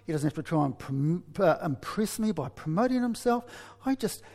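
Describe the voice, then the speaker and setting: A man's voice: high-pitched, animated, moderate pace, dark tone, big-room sound. A man voicing a chatty young woman, first smitten and later exasperated with her husband.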